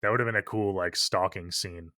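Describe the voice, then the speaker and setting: A man's voice: low voice, normal speed, a crowd in the background. A man co-hosting a podcast, musing casually about a movie scene. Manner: relaxed, agreeing, musing aloud. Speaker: podcast co-host. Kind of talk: casual movie review chat.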